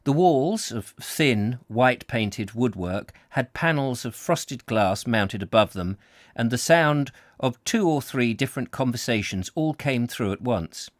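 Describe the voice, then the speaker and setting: A man's voice: mid-range voice, expressive, a little slow, dry recording, clean studio sound. A man reading a novel aloud in a casual way, often stumbling over words and apologizing. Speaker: audiobook reader. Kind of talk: casual read-aloud story narration.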